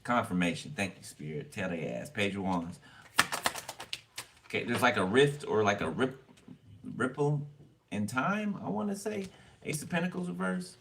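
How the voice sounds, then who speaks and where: A man's voice: fairly low pitch, very animated, normal speed, vocal fry, long pauses. Blunt, rambling male tarot reader. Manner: rambling, blunt, swears freely. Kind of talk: casual tarot reading. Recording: distant mic with background noise.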